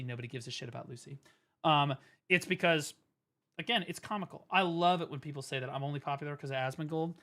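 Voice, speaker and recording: A man streaming, ranting and mocking in a profane comedic style at a desk microphone. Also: fairly high pitch. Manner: profane, mocking, lively rant.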